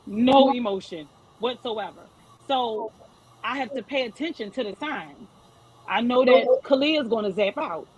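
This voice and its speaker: A woman's voice: on the high side, rough recording. A woman in her thirties speaking as a panel guest, giving earnest, emphatic advice to parents. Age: 30s. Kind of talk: panel discussion.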